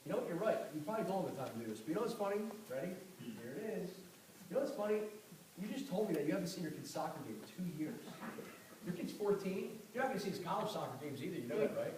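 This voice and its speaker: Man, sales trainer, fast and fired up, slightly high voice, recorded from afar in a very echoey room. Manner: energetic, repetitive, acts out sales dialogues. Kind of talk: motivational sales training talk. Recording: very echoey distant room recording with faint noise.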